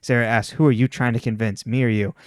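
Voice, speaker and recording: Smooth-voiced man recapping a plot. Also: mid-range voice, fairly even intonation, fast talker, no room sound, studio quality. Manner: recaps plot in a plain, wry tone and laughs often. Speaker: podcast co-host recapping episodes. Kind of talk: casual chat, reading a plot recap.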